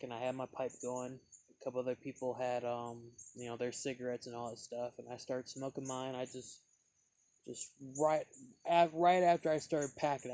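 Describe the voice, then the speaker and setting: A man's voice: mid-range voice, dark tone, no echo. A man reviewing pipe tobacco in a casual, meandering way, with lots of fillers and restarts as he tells a story.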